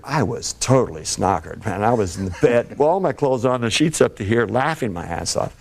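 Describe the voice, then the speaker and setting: A man's voice: on the low side, expressive, a little fast, creaky, hardly any pauses, a little hiss or hum. A man telling rambling, laughing anecdotes as a guest on a TV talk show. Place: TV studio.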